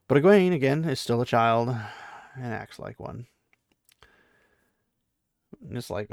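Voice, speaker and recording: Gravelly man rambling through a book recap. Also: medium pitch, moderate pace, long pauses, darkish tone, no room sound, studio quality. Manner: rambling, heavy use of "like", acts out characters' lines. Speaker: book discussion host. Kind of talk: casual book recap and commentary.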